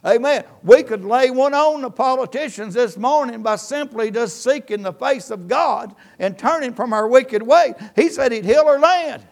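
A man's voice: extremely high pitch, expressive, normal speed, vocal fry, hardly any pauses. A man preaching a church sermon as pastor, quoting scripture with rising and falling emphasis.

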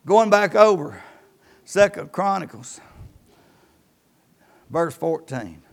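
A man's voice: sits high, big pitch swings, takes it slowly. A man preaching a church sermon as pastor, quoting scripture with rising and falling emphasis.

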